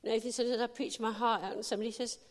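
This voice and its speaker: A woman's voice: on the high side, little pitch movement, racing. A woman preaching an informal sermon, chatty and humorous, with emphatic declarations. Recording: hall reverb.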